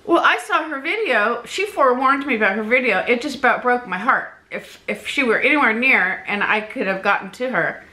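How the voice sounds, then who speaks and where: A woman vlogger chatting casually to her camera, animated and talkative, often laughing. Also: fairly high pitch, a little fast, few pauses. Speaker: weight-loss vlogger.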